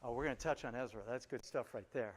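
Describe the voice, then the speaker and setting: A man preaching a lively sermon, animated and emphatic, repeating his key phrases for effect. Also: medium pitch, quick pace, noisy background. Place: church service on Kauai.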